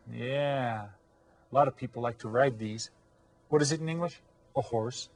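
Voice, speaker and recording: A man teaching young children in a recorded classroom lesson. He speaks in a friendly, encouraging way and slows down to draw out each new word for the kids to repeat. His voice sits in a middle pitch. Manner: slow, drawn-out modeling of words for children to repeat. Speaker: Spanish teacher. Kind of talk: elementary school video lesson.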